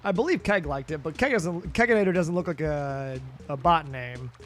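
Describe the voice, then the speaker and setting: A man's voice: fairly high pitch, animated, normal speed, faint music behind. A tired, sleepy man streaming a game late at night, rambling in casual chat with lots of fillers and restarts that trail off.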